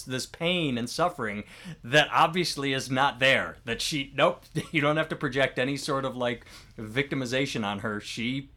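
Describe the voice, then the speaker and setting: Casting: man with a bright, sharp voice, crude casual chat, animated. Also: medium pitch.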